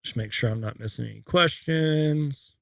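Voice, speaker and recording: A man's voice: medium pitch, normal speed, gravelly, slight background noise. A young man hosting a casual live Q&A stream from home, rambling chattily as he reads viewer questions. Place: home room with shelves of collectibles.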